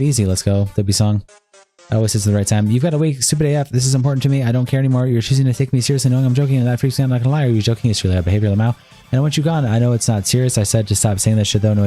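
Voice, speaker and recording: A man reads a document of text messages aloud on a live stream, racing through the lines in a fairly low register. His voice is dark and mellow, and faint music plays underneath.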